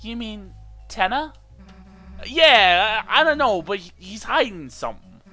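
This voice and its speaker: A man voicing a gruff, blunt teenage monster girl in a video game. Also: high voice, very animated, a little slow, bright, forceful tone, faint music behind, full character voice. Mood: suspicious.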